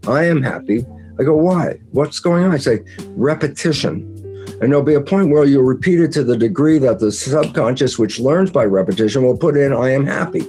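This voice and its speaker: A man explains ideas at a medium pitch, jumping into lively acted-out quotes of his own conversations. Faint music plays underneath him. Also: fairly quick. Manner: animated, acts out his own quoted dialogue. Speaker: interview guest.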